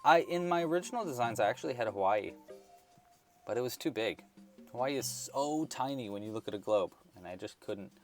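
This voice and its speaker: Rambling, friendly-casual male host chatting through a crochet session, mid-pitched, mutters stitch counts, faint music underneath. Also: lively intonation, fairly quick. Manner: chatty, rambling, with many fillers and restarts; counts stitches aloud under his breath. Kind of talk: casual livestream chat while crocheting.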